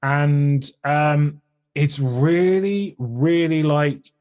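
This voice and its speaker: An English-accented comedian and streamer is a guest on a podcast, earnest and chatty, often restarting his sentences in a casual conversational interview. His voice is a little high and steady in tone, with drawn-out words and a darkish quality.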